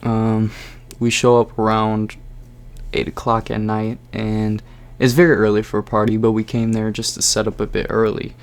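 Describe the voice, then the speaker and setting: A man's voice: on the low side, monotone, normal speed. A young man telling a personal story in a casual vlog, rambling with lots of fillers.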